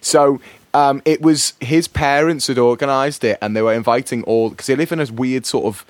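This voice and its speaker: A man's voice: mid-range voice, fairly even intonation, normal speed, no echo. A young man telling a rambling story on a radio show, full of fillers and laughs. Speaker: co-presenter. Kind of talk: casual storytelling chat. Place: radio studio.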